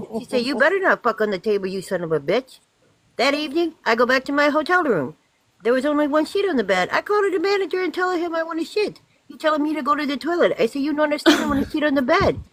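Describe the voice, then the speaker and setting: A woman's voice: sits high, a bit bright, dry recording, pitched above the performer's own voice, low-quality recording. Woman doing a goofy italian guy telling a dirty joke, broken english. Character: Italian man telling a crude hotel joke.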